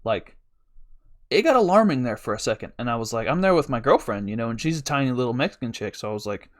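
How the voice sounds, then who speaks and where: A man's voice: mid-range voice, lively intonation, fast. A young man hosting a podcast, telling a long rambling story in casual chat, swearing a lot and laughing as he goes. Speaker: podcast host.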